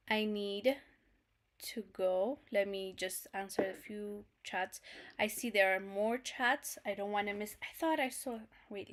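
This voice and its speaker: Bright-voiced young woman chatting on a livestream. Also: mid-range voice. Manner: chatty, laughs often, talks to viewers as "fam". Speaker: channel host reading live chat. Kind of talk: casual livestream chat.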